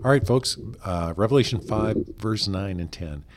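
Low-voiced man reading scripture aloud. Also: moderate pace, a little hiss or hum. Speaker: co-host and scripture reader.

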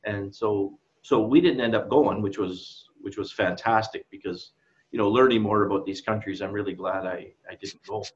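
A man's voice: fairly low pitch, normal speed, a little hiss or hum. Middle-aged man, rambling Bible chat. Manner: rambling, laughs at his own asides. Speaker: co-host of Bible discussion. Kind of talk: casual Bible study chat. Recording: slightly dull lo-fi audio.

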